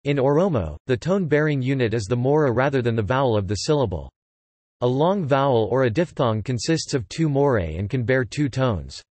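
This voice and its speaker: A synthetic male voice at an ordinary middle pitch reads an encyclopedia article in an even, machine-flat way. The sound is completely dry, with no room around it. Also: a little fast, no room sound. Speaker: text-to-speech reader. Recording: dry, close synthetic audio.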